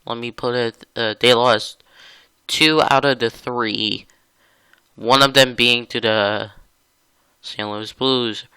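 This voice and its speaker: A man hosting his own gaming channel, commenting casually over a hockey video game in a rambling, chatty way with sudden excited outbursts. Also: medium pitch, slow pace, long pauses, clean tone, dry recording.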